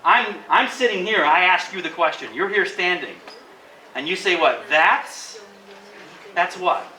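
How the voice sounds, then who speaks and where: A man teaching English to a class in an animated way, mixing in Chinese to explain phrases. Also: sits high, normal speed. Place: school classroom with students. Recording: echoey room, distant mic, class noise.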